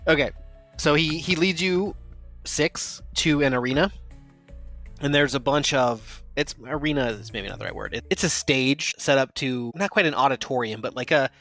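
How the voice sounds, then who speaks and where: A man's voice: mid-range voice, moderate pace, faint music behind. Laid-back man running a tabletop game. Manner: relaxed, rambling explanations with restarts. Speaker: game master.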